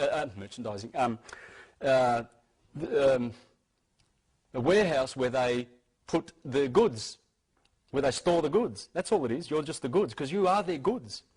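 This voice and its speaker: Husky man lecturing emphatically. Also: fairly high pitch, poor audio. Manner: emphatic and insistent, with frequent restarts and repeated words. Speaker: speaker giving a talk. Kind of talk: informal lecture to an audience.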